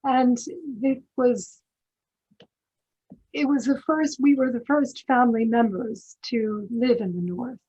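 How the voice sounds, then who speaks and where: Older American woman panelist, husky and fairly high-pitched, on muffled call audio. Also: fairly even intonation, slow pace, mellow. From United States. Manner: thoughtful, with frequent restarts and emphatic asides. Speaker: panel guest. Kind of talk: conversational discussion.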